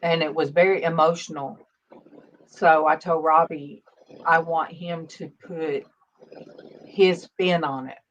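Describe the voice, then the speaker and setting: A woman's voice: sits low, fairly even intonation, slow pace, long pauses, slight background noise. A woman in her fifties hosting a casual faith livestream, chatty and greeting viewers by name. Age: 50s. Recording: dull lo-fi stream audio.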